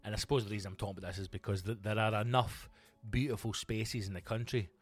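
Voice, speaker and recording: A man's voice: fairly low pitch, steady tone, fast talker. A Scottish man, a comedian, chatting on his own podcast in a rambling, sweary way with lots of restarts. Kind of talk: casual solo podcast chat.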